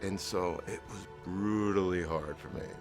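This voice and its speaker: A man's voice: deep voice, steady tone, a little slow, over music. A middle-aged man from New Jersey telling his life story in an earnest interview, with fillers and restarts. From New Jersey, USA. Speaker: entrepreneur guest.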